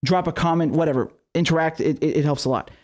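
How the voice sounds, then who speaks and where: A man's voice: a little high, fast talker, a little mellow. A man hosting a live-streamed political commentary show, ranting in a heated, profane way.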